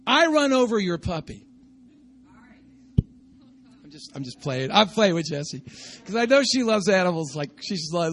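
A man preaching a sermon as pastor, talking to the congregation conversationally, asking for their responses and rising to shouts. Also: sits high.

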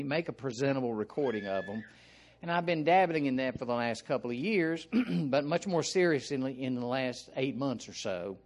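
An older man with a Southern American accent, preaching an informal sermon in a folksy, rambling way with frequent asides and throat clearing. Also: mid-range voice, a little mellow.

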